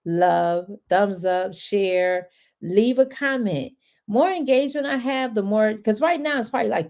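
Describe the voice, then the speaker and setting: A woman's voice: medium pitch, gravelly, darkish tone. A woman wealth and credit coach in a casual, rambling live-stream chat, chatty and encouraging toward her viewers.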